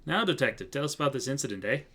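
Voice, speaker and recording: A gruff older judge from a courtroom game, played by a man doing a shaky Canadian accent that slides between other accents. He blusters at the court and ends his remarks with "eh". The pitch sits at an ordinary middle. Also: animated, very fast, bright, forceful tone. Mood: stern. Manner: gruff, blustering, tacks "eh" onto his lines. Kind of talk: reading a game aloud on a live stream.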